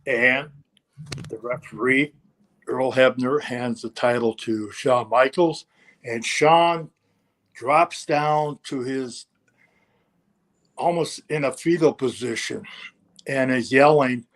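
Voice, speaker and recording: Older guy slowly spinning a backstage yarn, mid pitch, casual, salty language. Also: a bit bright. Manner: slow, anecdotal, acts out quotes, swears. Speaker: guest. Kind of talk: casual storytelling interview.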